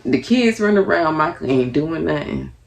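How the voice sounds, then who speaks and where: A woman's voice: low voice, lively intonation, moderate pace, vocal fry. A young woman casually reviewing a reality TV episode, chatty and earnest, with lots of fillers. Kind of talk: casual reaction commentary.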